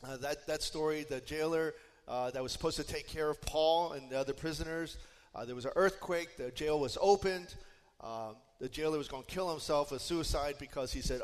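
A man's voice: on the high side, brisk. Pastor man preaching in a reverberant hall. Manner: conversational preaching with fillers and asides. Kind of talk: sermon.

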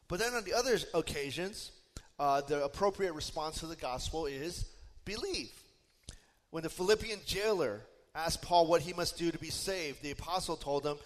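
A man's voice: on the high side, normal speed, a bit bright. A man preaching a sermon as pastor, conversational and explanatory, with frequent fillers and asides. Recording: long hall reverb.

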